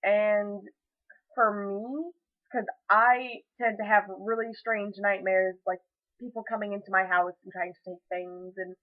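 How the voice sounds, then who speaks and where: A woman's voice: medium pitch, fairly even intonation, unhurried. A young woman in her late teens talking to camera at home in a casual vlog, emotional and rambling, full of fillers and restarts. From United States. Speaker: vlogger. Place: at home, indoors. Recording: tinny phone-like audio.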